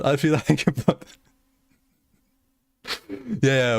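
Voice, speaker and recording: A man's voice: on the low side, measured pace, a little mellow, no echo. A young man chatting casually on a gaming livestream, rambling, swearing freely and laughing often. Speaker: gaming streamer.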